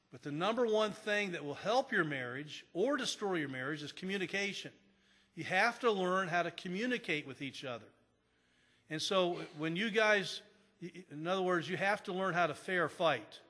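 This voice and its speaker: A pastor preaching a sermon in an earnest manner, repeating key phrases for emphasis. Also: male voice, fairly high pitch, sharp tone. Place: church sanctuary. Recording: long church reverb.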